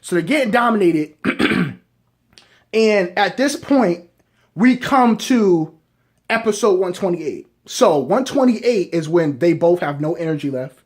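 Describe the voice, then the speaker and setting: A young man talks through a storyline in loose, rambling commentary, checking in with "right?" after almost every point. His voice sits high for a man and stays casual throughout. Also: expressive, measured pace, husky. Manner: rambling, keeps asking "right?". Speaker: video reviewer.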